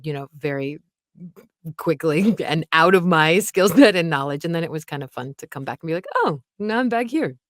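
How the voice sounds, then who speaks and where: A woman's voice: sits low, fairly quick, dry recording, studio quality. Chatty, laughing woman narrator. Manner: chatty, laughs often, many fillers. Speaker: audiobook narrator, guest. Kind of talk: casual interview chat.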